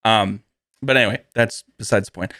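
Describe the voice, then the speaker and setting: A man's voice: lowish voice, steady tone, a little fast, bright, forceful tone, dry recording, studio quality. A man hosting a casual podcast, rambling through asides with frequent laughter and casual swearing. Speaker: podcast host.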